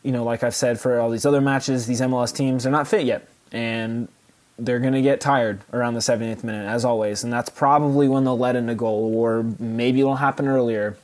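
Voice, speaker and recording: A man's voice: mid-range voice, steady tone, brisk, darkish tone. A man co-hosting a casual sports podcast, hedging his picks with frequent fillers. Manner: hedging, lots of "um" and "you know". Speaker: podcast co-host.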